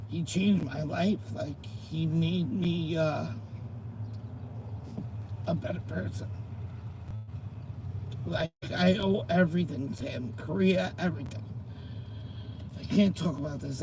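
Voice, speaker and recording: Speaking slowly with long pauses, this low-voiced middle-aged vlogger addresses her viewers against a noisy background. She is tearful, emotional, and rambling as she talks to commenters in a casual chat.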